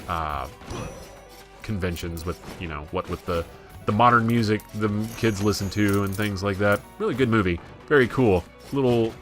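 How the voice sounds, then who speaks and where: A young American man giving rambling, self-deprecating gameplay commentary. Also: low voice. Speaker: let's play gamer.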